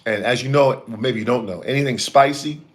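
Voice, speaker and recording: A man's voice: mid-range voice, brisk. A middle-aged man hosting a casual home chat about healthy eating, his throat irritated and coughing now and then. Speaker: host.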